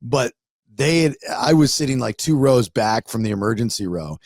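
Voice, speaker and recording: A man's voice: medium pitch, expressive, normal speed, creaky, darkish tone, no room sound, studio quality. A man hosting a podcast, telling stories in casual chat and rambling with many restarts. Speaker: podcast host.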